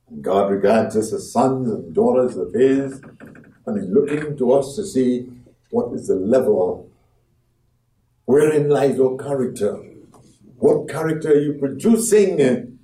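Slow dramatic preacher man in echoey hall. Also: mid-range voice, expressive. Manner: dramatic, acts out quoted voices, swings from hushed to loud. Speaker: pastor. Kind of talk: sermon. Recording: echoey room from far off.

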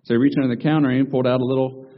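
A man preaching a sermon, opening with folksy jokes and stories before slowing down to read scripture. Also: medium pitch, flat delivery, muffled recording.

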